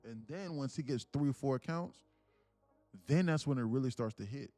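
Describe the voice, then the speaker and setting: A man's voice: medium pitch, moderate pace, warm tone, faint music behind. A man mentoring viewers on a live trading stream, talking in loose slang and calling the chart as it moves. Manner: loose slangy talk, sings and laughs between chart calls. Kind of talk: casual livestream commentary.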